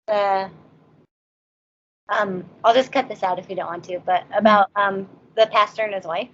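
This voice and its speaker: A woman's voice: medium pitch, fairly even intonation, normal speed, fairly bright tone, highs cut off, slight background noise. A woman co-hosting a podcast who asks questions and backs up her guest in a casual chat. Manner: supportive, asks questions, laughs along. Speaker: podcast co-host.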